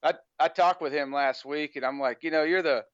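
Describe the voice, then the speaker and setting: An American man with a slightly raised pitch and a smooth, clean voice, chatting casually as a podcast guest. He rambles loosely and leans on "you know" between phrases. The audio is dull and lo-fi, as if over a remote call, with a dry, close sound. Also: brisk, dry recording. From United States. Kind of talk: casual interview chat.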